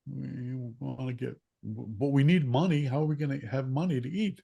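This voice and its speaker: Guy doing his stern dad, calm, firm, bit higher than his usual. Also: normal speed, vocal fry, breathy edge, lo-fi sound. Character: stern working father, middle-aged.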